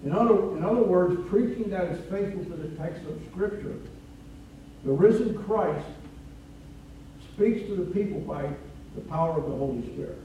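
A man preaching a sermon in a church, slow and deliberate, rising in force for emphasis. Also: high voice, warm tone, lo-fi sound, slight background noise. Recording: echoey room from a distance.

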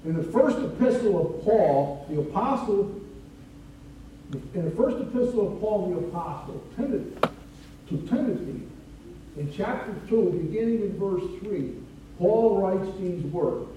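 A man preaching a sermon in a church, slow and deliberate, rising in force for emphasis. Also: sits high, expressive, dark tone, dull audio, a little hiss or hum. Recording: echoey room from a distance.

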